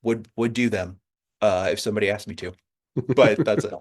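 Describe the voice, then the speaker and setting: A man's voice: on the low side, steady tone, normal speed. A man, a comics writer as a guest, telling his story in a rambling way with many fillers and restarts. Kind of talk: conversational interview.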